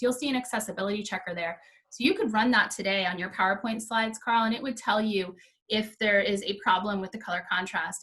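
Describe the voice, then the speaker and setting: A woman guest, an expert trainer, explaining software tools in a practical, clear way during a video call interview. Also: medium pitch. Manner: clear, practical, laughs easily. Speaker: guest, Microsoft Office trainer.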